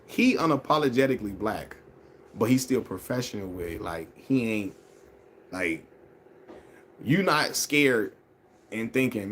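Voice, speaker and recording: A man's voice: lowish voice, expressive, unhurried, long pauses, fairly bright tone, slight background noise. Slangy man riffing on basketball. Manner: loose slangy talk, repeats phrases, laughs often. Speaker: live stream host reading chat. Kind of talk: casual sports chat.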